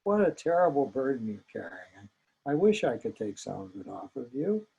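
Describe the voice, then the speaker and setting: An older man, a psychologist, gently recounting a memory from his training, with small hesitations. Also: medium pitch, sing-song, normal speed, vocal fry, breathy edge, dull audio. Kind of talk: personal storytelling.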